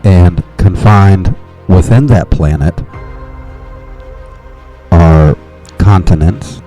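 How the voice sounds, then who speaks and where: A man's voice: low voice, extremely slow, warm tone, soft background music. A man hosting a podcast, talking in a rambling casual monologue with restarts and nervous little laughs. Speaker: podcast host.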